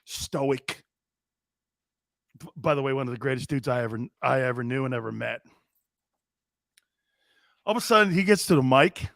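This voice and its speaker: A man hosting a sports talk show, telling stories in a loose, animated way and slipping into squeaky impressions. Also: moderate pace, creaky, pauses often, no echo, clean studio sound. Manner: animated storyteller, does squeaky impressions and shouts. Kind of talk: casual sports radio talk.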